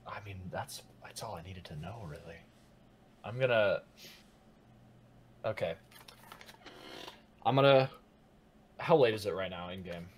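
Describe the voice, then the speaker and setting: Laid-back low-voiced male player. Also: unhurried, long pauses, slight background noise. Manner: laid-back, laughs easily. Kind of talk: casual chat during a tabletop game.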